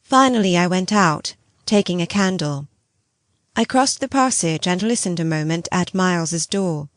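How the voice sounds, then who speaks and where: A woman narrating a gothic novel audiobook with an expressive, measured reading. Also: fairly low pitch, dry recording, studio quality.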